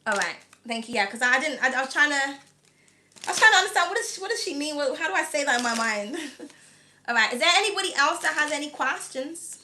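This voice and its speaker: A woman's voice: sits high, lively intonation, fairly quick, pushed and bright, slight background noise. Chatty British woman, slightly whiny. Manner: chatty and rambling, full of "like" and "um", laughs often. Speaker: tarot reader. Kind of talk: live-stream tarot reading and chat.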